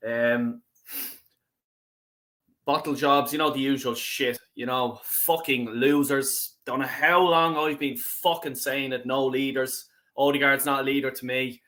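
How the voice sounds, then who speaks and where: Furious sweary football fan host. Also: male voice, mid-range voice, fairly even intonation, moderate pace, hardly any pauses, pushed and bright. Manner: angry, sweary, repetitive ranting. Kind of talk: ranting fan reaction livestream.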